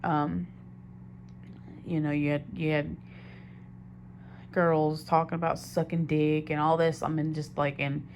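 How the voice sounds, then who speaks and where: A woman's voice: deep voice, level tone, measured pace, pauses often, darkish tone, slight background noise. A young woman recounting a personal story in a candid, rambling confessional monologue, often doubling back on herself. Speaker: diary vlogger.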